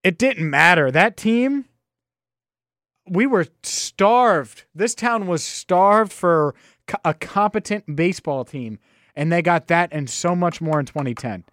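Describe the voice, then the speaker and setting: Animated podcast host, dry close mic. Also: male voice, sits high, takes it slowly, no room sound. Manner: animated, nostalgic storytelling with rambling restarts. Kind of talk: casual solo sports podcast.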